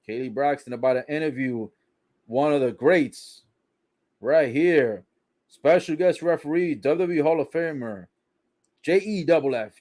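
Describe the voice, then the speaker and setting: A man's voice: mid-range voice, unhurried, pauses often, darkish tone. A man casually recapping a wrestling broadcast, swearing, joking in slang and laughing often. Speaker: wrestling show reaction commentator.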